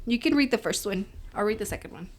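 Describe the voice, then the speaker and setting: A woman's voice: mid-range voice, animated, quick pace. A woman in her twenties co-hosting a podcast, telling a story in casual chat and switching between Spanish and English. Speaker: podcast co-host.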